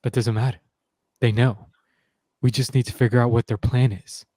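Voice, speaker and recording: A man's voice: medium pitch, flat delivery, moderate pace, mellow, natural voice. A man voicing a guarded young male wizard in a curt, matter-of-fact way.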